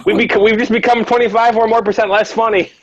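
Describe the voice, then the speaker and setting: A man's voice: high-pitched, dull audio, background noise. A man joking around playfully with friends on a live video chat, laughing a lot. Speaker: guest. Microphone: home computer mic on video call.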